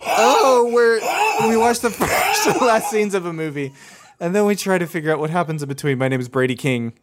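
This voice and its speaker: A man's voice: high-pitched, very animated, a little fast, very noisy. A man co-hosting a podcast in casual chat, jokey and playfully teasing. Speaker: podcast co-host.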